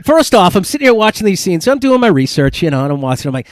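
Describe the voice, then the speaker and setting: A man hosting a podcast, talking in an excitable, rambling way and swearing often. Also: high voice, racing, few pauses, no room sound, clean studio sound. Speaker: podcast host. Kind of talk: casual podcast chat.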